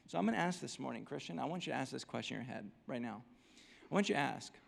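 A man's voice: mid-range voice, lively intonation, fast, creaky, breathy edge, big-room sound. A male pastor preaching a sermon, emphatic and full of repeated rhetorical questions.

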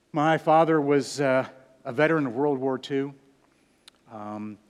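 A pastor in his sixties preaching a sermon, swinging from loud emphatic peaks down to hushed low phrases. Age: 60s. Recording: hall reverb.

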